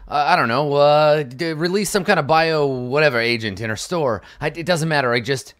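A man's voice: lowish voice, normal speed, fairly bright tone, pitched below the performer's own voice, close to an everyday voice. A man voicing a bitter, scheming male corporate middle manager who grumbles conspiratorially. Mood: pleading.

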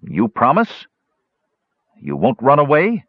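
A man voicing an excitable, simple-minded male gully dwarf shaman who talks in broken, childlike grammar. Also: mid-range voice, slow, slightly rough, no room sound, narrow, tinny audio, voice pushed up, full character voice. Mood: suspicious.

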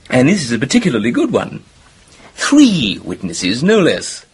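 An actor playing a charming, flippant young English gentleman who talks in a breezy, theatrical, mocking way. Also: medium pitch, slightly rough, exaggerated voice. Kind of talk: radio drama acting.

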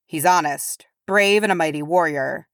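A woman's voice: deep voice, normal speed, dry recording, clean studio sound. Shrewd old dwarf, read by a woman. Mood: reassuring. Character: old wise male dwarf, shrewd and calm.

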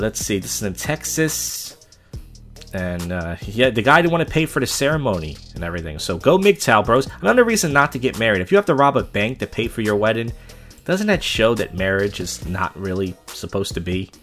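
A young man hosting a casual solo podcast, rambling and venting bitterly with plenty of swearing. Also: on the low side. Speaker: podcast host.

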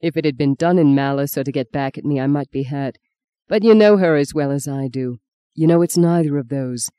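An audiobook reader voicing a gentle, kind young priest who talks in a soft, reassuring way. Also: medium pitch, brisk, clear, resonant tone, no echo, close to an everyday voice. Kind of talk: audiobook reading.

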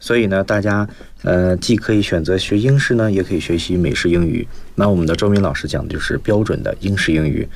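A man's voice: low-pitched, fast talker, hardly any pauses, darkish tone, slight background noise. A man hosting a radio English lesson, explaining vocabulary and stressing each point for students. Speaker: English teacher, host.

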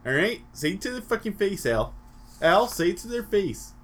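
Loud, profane man on a comedy podcast. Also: high voice, very animated, moderate pace. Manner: loud, profane, jumps into comic voices and mock rants. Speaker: podcast co-host. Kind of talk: crude comedic podcast banter.

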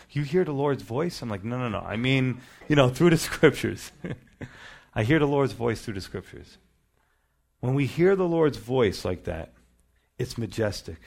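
A male pastor delivering a sermon with earnest emphasis. His voice sits in a middle pitch, and he keeps turning to the congregation with rhetorical questions.

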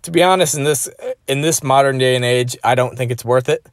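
A man's voice: mid-range voice, fairly quick, dry recording. Rambling, profane man, dry close sound. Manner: rambling, crude and profane, heavy filler phrases. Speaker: vlogger. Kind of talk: rambling personal monologue.

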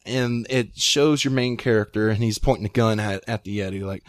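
A young man telling a long story in casual chat, rambling and excitable, with many fillers. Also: medium pitch, moderate pace, few pauses, dry recording, clean studio sound. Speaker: guest storyteller.

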